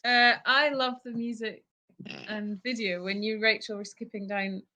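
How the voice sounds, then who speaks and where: A woman's voice: fairly high pitch, fairly even intonation, measured pace, pushed and bright. A woman, co-hosting a live Q&A and chatting in a dry, laid-back way. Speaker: co-host of a live Q&A. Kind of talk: casual live chat.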